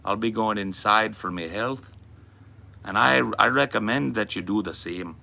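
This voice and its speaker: A man's voice: lowish voice, measured pace, vocal fry, bright, forceful tone, exaggerated voice. A man voicing a hammy stage Irishman with a put-on Irish accent and old-fashioned phrasing. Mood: jaunty. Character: hammy stage Irishman on his little island.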